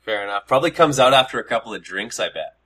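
A man's voice: medium pitch, animated, fast talker, sharp tone, slightly rough. A Canadian man with a Canadian accent hosting a casual interview, chatty and joking with stammered restarts. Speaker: interview host.

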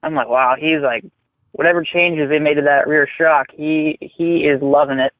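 Guy rambling thru a wild story, kinda high voice, sounds like a phone line. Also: moderate pace, dry recording. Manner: rambling, animated, swears freely. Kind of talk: casual storytelling. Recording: tinny phone-like line, dry.

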